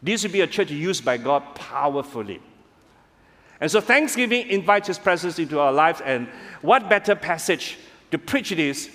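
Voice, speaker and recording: A man preaching a sermon as pastor, animated and calling on the congregation to respond. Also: a little high. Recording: reverberant hall.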